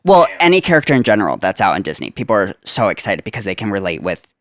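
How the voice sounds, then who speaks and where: A man's voice: lowish voice, very animated, quick pace. A young man, a guest on a podcast, chatting casually about his work as a theme park character performer, with many filler "like"s.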